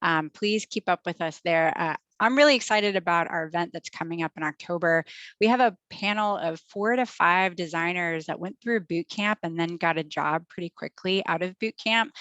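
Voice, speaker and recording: A woman running a livestreamed panel on a video call, talking in an upbeat, chatty way with plenty of fillers. Her voice sits a little low for a woman. The sound is dry and close, with no room echo. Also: a bit bright. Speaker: host and moderator.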